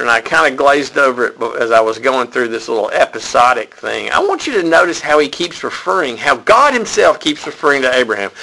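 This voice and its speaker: Middle-aged man, Bible study leader, casual teaching, gravelly edge, bright tone. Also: medium pitch, a little hiss or hum, poor audio. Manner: conversational, animated when stressing a point.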